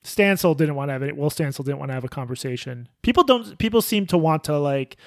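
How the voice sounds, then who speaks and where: A man co-hosting a podcast in casual chat, speaking in a measured, dry and ironic way. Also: on the high side, lively intonation, dry recording. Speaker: podcast co-host.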